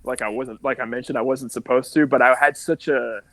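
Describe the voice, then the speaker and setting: A man's voice: mid-range voice, steady tone, a little fast, no room sound, poor audio. A young man from California telling his life story as a podcast guest, candid and rambling, full of likes and restarts. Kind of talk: casual storytelling.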